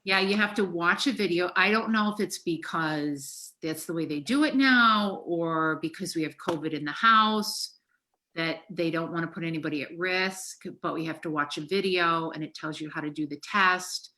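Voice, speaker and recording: A woman's voice: lowish voice, normal speed, sharp tone. A middle-aged woman therapist talking frankly and emotionally on a podcast, swearing freely. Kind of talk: casual podcast conversation.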